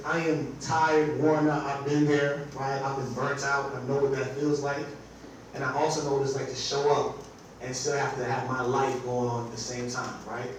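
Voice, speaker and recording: A man's voice: medium pitch, a little hiss or hum. Guy running a teacher workshop, chatty, lots of "right?", mic far off in a super echoey room. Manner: conversational, keeps checking in with the audience by asking "right?". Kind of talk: live workshop presentation.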